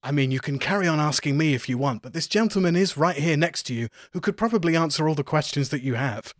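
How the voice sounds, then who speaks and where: A man's voice: a little high, fast, dry recording, clean studio sound. A man running a tabletop game as game master, explaining with wry, stumbling restarts.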